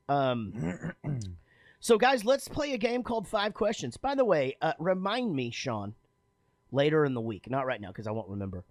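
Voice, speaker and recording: A man hosting a casual podcast chat, animated and laughing often, swearing freely. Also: normal speed, no room sound, studio quality. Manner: animated, swearing, laughing, lively pitch swings. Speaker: podcast host.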